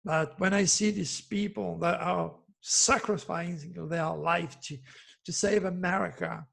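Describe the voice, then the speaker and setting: A man's voice: high voice, fairly even intonation, unhurried, creaky, husky. A man in his seventies, an astrologer giving an impassioned, preachy monologue straight to his listeners and calling them his good friend. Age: 70s. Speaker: astrologer host. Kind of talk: direct-to-camera monologue.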